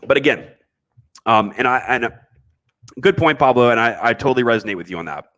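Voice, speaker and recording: A man's voice: mid-range voice, expressive, fast talker, a bit bright. A man hosting a casual livestream podcast, reading chat messages and answering them bluntly, with frequent restarts and slang.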